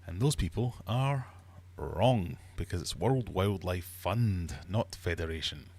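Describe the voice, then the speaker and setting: Low-voiced teasing quizmaster man. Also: animated, a little slow, darkish tone. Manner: playful, teasing, mock-uppity. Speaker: livestream host and quizmaster. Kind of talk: live-streamed quiz chat. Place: fish room.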